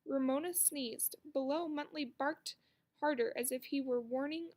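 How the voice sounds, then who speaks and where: A woman reading a children's book aloud with expressive storytelling. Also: high voice, normal speed. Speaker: narrator.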